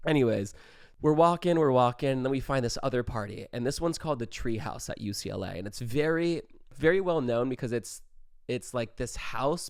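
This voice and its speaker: A man's voice: medium pitch, no echo. Young guy podcast host rambling thru a story, says like a ton, dry close sound. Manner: rambling, peppered with like, swears freely. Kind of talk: casual storytelling.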